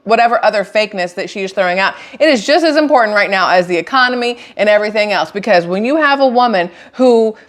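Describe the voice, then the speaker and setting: A woman's voice: medium pitch, lively intonation, fast talker, hardly any pauses. Emphatic woman host of a commentary vlog. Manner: emphatic, repeats words for stress. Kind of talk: casual political commentary.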